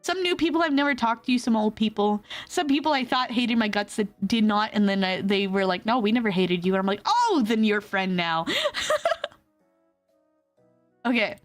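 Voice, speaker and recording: A young woman VTuber telling a story in a casual, animated way, laughing often. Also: a little slow, long pauses, soft background music. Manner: animated, laughs often, acts out quotes in high squeals. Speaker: VTuber streamer.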